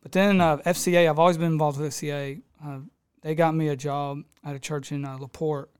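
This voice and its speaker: Man, pastor telling his story, smooth clear voice, narrow pitch range. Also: fairly even intonation, a little fast. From Texas. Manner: storytelling, acts out quoted people, laughs easily.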